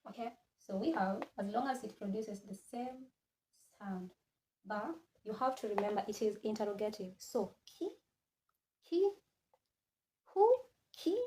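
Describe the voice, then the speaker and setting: A woman teaching French in a classroom, slowly repeating each word again and again and switching between English and French. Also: medium pitch, mellow, a little hiss or hum. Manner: slow, repeats words many times, mixes English and French. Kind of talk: classroom lesson.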